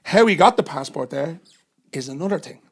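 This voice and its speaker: Irish guy, gravelly slightly high voice, animated storyteller. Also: brisk. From Ireland. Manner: lively storyteller, acts out others' voices, swears freely. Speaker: podcast guest. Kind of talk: storytelling in casual chat.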